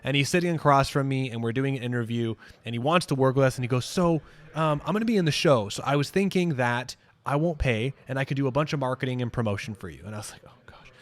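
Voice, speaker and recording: Quick-talking enthusiastic podcast host man. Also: mid-range voice, no room sound. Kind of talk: casual interview chat.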